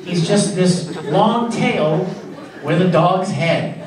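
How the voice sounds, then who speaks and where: Animated man telling stories in an echoing hall. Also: high voice, takes it slowly. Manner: animated, jokey storyteller acting out quotes. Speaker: voice actor panel guest. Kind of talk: convention panel Q&A storytelling. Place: large convention hall, voice from far off. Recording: echoey hall, far from mic, loud crowd and noise.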